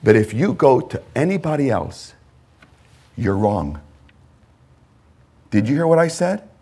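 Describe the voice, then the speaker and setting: A male pastor preaching a sermon, emphatic, with repeated phrases and swings between loud and hushed delivery. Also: medium pitch, sing-song, unhurried, husky.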